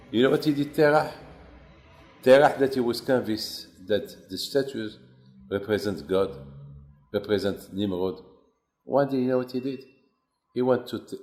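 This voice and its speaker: Animated storytelling man. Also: echoey room. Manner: animated storyteller, acts out quotes with rising pitch. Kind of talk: Torah class storytelling.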